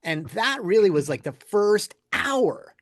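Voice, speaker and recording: Male podcast guest, relaxed anecdotal delivery with voiced quotes, middle pitch, dry room. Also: slow, dry recording. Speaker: podcast guest, former game producer. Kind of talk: casual storytelling.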